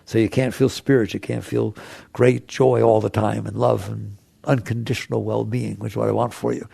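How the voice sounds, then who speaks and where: Male spiritual teacher, gravelly voice, dry close sound, chatty, full of rhetorical questions. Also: fairly low pitch, flat delivery, moderate pace, dark tone, no echo. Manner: conversational, rhetorical questions, acts out inner voices. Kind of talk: spiritual talk to an audience.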